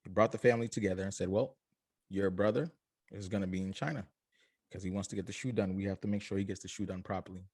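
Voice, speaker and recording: A young adult man, a company founder, telling his story in an interview, animated and acting out family voices. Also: low-pitched, fast, dry recording, studio quality.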